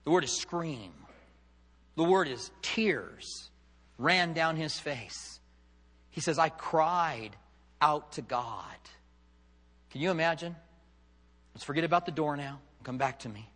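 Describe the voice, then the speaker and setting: A man preaching a sermon with a slightly high voice. He swings from loud, fervent passages to hushed, quiet ones. A long reverb from a large church hall trails after each phrase. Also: expressive, takes it slowly, pauses often. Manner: dramatic, swings from loud fervor to hushed tones. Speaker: pastor.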